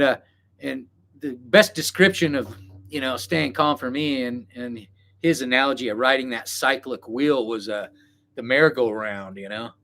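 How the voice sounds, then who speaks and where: A man's voice: medium pitch, fairly bright tone. Rambling, reflective man chatting to viewers. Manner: meandering, reflective, talks straight to chat. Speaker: travel vlogger on a live stream. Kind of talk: rambling casual live chat. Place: indoors, packing for a trip.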